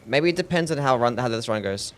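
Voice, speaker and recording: A man's voice: mid-range voice, quick pace. A young Australian man streaming a game, chatting casually with viewers and often trailing off unsure. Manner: relaxed, mumbly, answers chat questions, trails off with "I don't know". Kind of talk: casual gaming stream chat.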